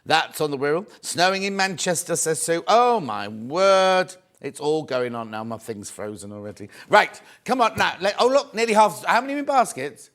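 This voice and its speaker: A British man presenting live on a shopping channel, chatting warmly to viewers and reading out their messages, with the odd cough. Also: fairly high pitch, big pitch swings, moderate pace, hardly any pauses. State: coughing, mild throat trouble.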